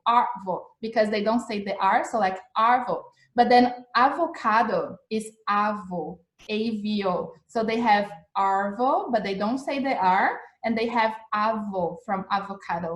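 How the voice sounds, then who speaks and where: Chatty woman teaching in an echoey room. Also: medium pitch. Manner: chatty, repeats phrases, frequent "like" and "right?". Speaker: English teacher. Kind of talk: casual live-streamed lesson. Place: home in Australia.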